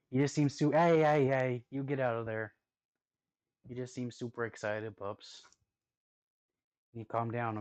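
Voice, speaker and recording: A man's voice: mid-range voice, no echo, poor audio. A man streaming and reacting to videos, talking loosely with lots of 'like' and 'dude'. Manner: loose slangy talk with constant 'like' and 'dude'; chatty, talks playfully to his dog. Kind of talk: casual reaction stream chat.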